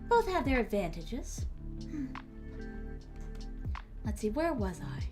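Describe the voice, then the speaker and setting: A young woman streams while she writes and chats easily with her viewers, her voice sitting a little high. Her diction is theatrical and polished, and she calls her audience "my starlings". Soft music plays faintly behind her. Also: big pitch swings, takes it slowly, long pauses. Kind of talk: casual live-stream chat while writing.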